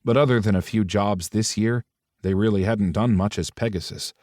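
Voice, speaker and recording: A man's voice: lowish voice, moderate pace, a little mellow, no echo, studio quality. A man narrating a romance audiobook, switching into different voices for the characters' dialogue.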